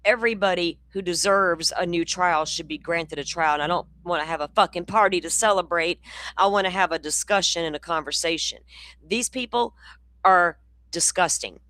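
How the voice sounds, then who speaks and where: A low-voiced woman hosting. Her talk is blunt, sarcastic and full of swearing. The sound is dry and close. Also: moderate pace, a bit bright, dry recording. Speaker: host. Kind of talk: commentary on clips.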